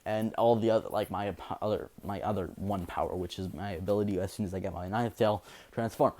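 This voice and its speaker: A man narrates a homemade story off the cuff, in a low voice. He meanders, circles back, fills gaps with "um" and "like", and swears casually. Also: darkish tone. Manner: meandering, full of fillers and restarts, casual swearing. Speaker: fan storyteller. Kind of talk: rambling improvised story narration.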